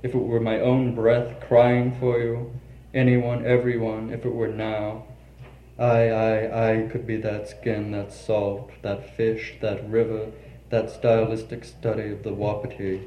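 A man's voice: on the low side, completely flat delivery, a little slow, highs cut off, slight background noise. A man giving a poetry reading in an intimate, confessional way. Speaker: poet reading his work. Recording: roomy reverberant recording with faint ambience.

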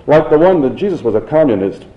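A man's voice: a little high, very animated, fast, roomy sound, lo-fi sound, pitched above the performer's own voice. A man voicing a pushy male investigator who accuses a professor, needling and insistent. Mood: accusing.

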